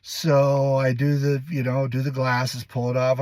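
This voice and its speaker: A male actor telling a story to camera in a casual, animated way, acting out the lines and voices as he goes. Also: medium pitch, measured pace, no room sound. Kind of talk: casual anecdote told to camera.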